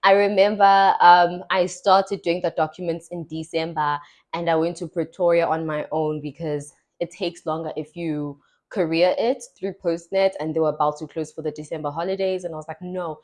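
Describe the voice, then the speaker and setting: Speaking at a moderate pace, this young woman from South Africa has a lowish, steady, slightly mellow voice. As a podcast host, she shares stories in relaxed chat, giving each quoted person their own acted-out voice.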